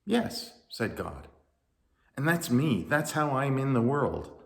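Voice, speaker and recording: A man voicing God as a patient, gentle figure who speaks quietly and unhurriedly in a children's story. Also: medium pitch, sing-song, slow, creaky, voice pushed up, full character voice. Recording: roomy echo.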